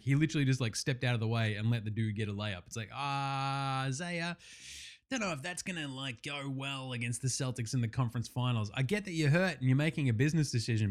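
A man with an Australian accent hosting a sports talk podcast, animated, slangy and sweary. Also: mid-range voice. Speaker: podcast host. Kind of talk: sports talk show monologue.

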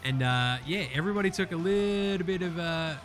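A man, recapping basketball games in a loose, profane, excitable way, often putting on mocking voices. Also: high-pitched, a little fast, soft background music. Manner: excitable, swears constantly, does mocking voices. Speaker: sports podcast host.

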